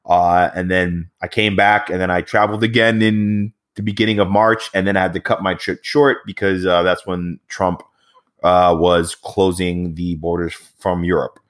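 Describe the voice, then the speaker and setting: A man interviewing a guest in a relaxed, rambling way with many fillers. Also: deep voice, normal speed. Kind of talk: conversational interview.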